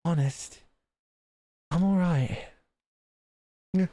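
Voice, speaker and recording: A man voicing a sickly, gentle young sister who softly reassures her brother. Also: on the high side, very slow, no echo, pitched above the performer's own voice. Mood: soft, reassuring. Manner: soft, reassuring, hides her illness. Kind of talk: visual novel read-aloud.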